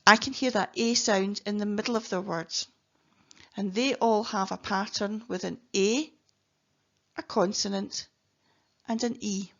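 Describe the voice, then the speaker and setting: A woman with a Scottish accent, a teacher slowly and carefully explaining spelling patterns and sounding out words letter by letter. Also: mid-range voice, steady tone. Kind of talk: phonics lesson narration. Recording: dull lo-fi recording.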